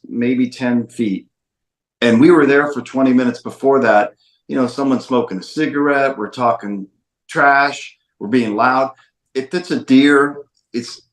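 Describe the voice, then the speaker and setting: Emphatic man telling a story, roomy sound. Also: mid-range voice. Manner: emphatic, repeats phrases for stress. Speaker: documentary filmmaker guest. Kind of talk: storytelling interview.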